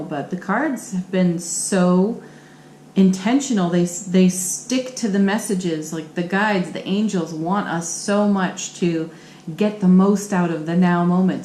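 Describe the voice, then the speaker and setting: A woman's voice: on the low side, darkish tone, a little hiss or hum. A woman giving a tarot card reading on her channel, speaking in an encouraging, affirming way. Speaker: tarot reader. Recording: echoey room with faint ambience.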